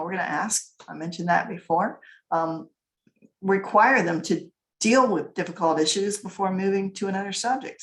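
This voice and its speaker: A woman's voice: medium pitch, roomy sound. Chatty middle-aged woman presenter. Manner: chatty, laughs often, animated storytelling. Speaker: business workshop presenter. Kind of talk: casual training talk.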